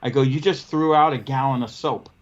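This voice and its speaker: Brief: male podcast host, mid pitch, animated storyteller, dull lo-fi audio. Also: fairly quick. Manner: animated storyteller, acts out dialogue. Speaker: podcast host, window cleaning business owner. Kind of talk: casual storytelling chat.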